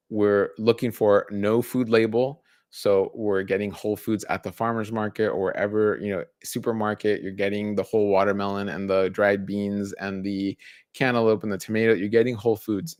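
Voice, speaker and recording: Guy in his 30s hosting a live health chat, kinda low voice, super dry close mic, casual explainer vibe. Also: dry recording. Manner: casual, explanatory, counts off points. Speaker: dietitian host. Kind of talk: live stream talk.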